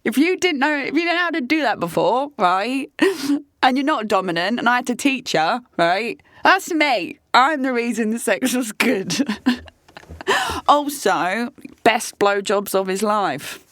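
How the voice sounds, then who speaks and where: A woman's voice: on the high side, expressive, a little slow, a bit bright, no room sound. Brief: young woman solo podcaster, brash and profane, raised voice, dry close mic. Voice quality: brash, profane, laughs often. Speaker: podcast host. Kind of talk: candid solo podcast chat.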